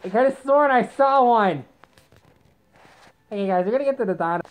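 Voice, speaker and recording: A woman doing a comic sketch rant, exasperated and yelling "no" over and over. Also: a little high, lively intonation, normal speed. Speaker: comedy video maker.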